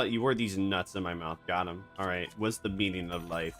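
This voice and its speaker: A man's voice: deep voice, normal speed, fairly bright tone, soft background music. A man streaming a game, chatting casually and goofing around with silly bits. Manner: goofy, jokey, slips into silly voices.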